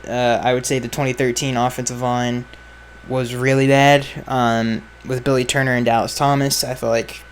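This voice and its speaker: A level, medium-pitched male voice at a moderate pace answers fan questions on a podcast recorded outside among flies. He chats casually, gives blunt, offhand views, and often trails off mid-sentence, with slight background noise audible.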